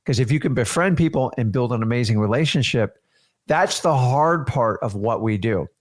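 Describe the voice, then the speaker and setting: A man's voice: mid-range voice, lively intonation, moderate pace. Emphatic coach-like man. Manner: emphatic, coach-like, addresses viewers directly. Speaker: co-host. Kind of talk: motivational casual chat.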